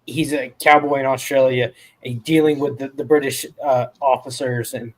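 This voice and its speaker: A man's voice: medium pitch, level tone, normal speed. A man on a livestream panel, easygoing and rambling as he retells a story. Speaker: panel guest. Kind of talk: casual stream chat.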